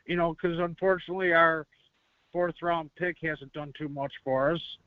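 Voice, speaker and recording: Male caller from buffalo, fairly high voice, chatty and chuckling, muffled phone line. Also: little pitch movement, a little slow, dry recording. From Buffalo, New York. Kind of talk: phoned-in fan talk.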